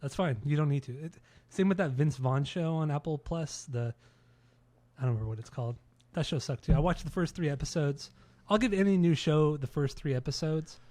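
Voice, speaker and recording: A man's voice: on the high side, a little fast, mellow, dry recording. A man co-hosting a podcast in casual chat, joking, swearing and riffing off his co-host.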